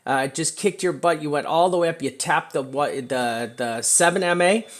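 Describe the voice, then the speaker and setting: A man walking through crypto price charts in casual talk, full of fillers and a repeated "right?", slowing down to stress his warnings. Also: on the high side. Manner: talks fast and loose with many fillers, repeated "right?".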